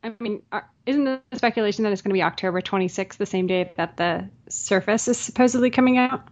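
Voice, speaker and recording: A woman co-hosting a casual tech podcast, quick and eager. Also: medium pitch, muffled recording. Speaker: podcast co-host.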